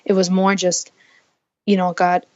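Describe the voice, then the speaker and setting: A woman's voice: on the low side, completely flat delivery, unhurried, darkish tone, highs cut off. A woman in her twenties from the United States, telling her own story earnestly as a podcast guest and voicing her past thoughts aloud. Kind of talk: candid personal storytelling.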